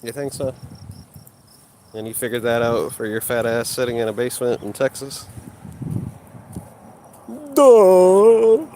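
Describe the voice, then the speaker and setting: A man's voice: medium pitch, fairly even intonation, normal speed, slight background noise. A man in a heated live-stream rant, arguing with and insulting chat. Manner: combative, insulting, mocking.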